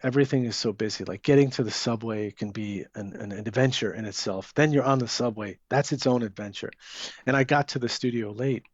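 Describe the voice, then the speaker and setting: A man's voice: mid-range voice, a little fast, no room sound. A man, an author giving an interview, talking casually and hesitantly with many fillers and restarts. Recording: dull lo-fi sound.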